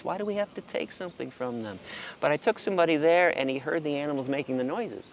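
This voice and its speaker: Gravelly-voiced man speaking passionately outdoors. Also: a little high, expressive, fast, slight background noise. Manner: passionate, stammering restarts, swears. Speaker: vegan animal rights advocate. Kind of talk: casual monologue.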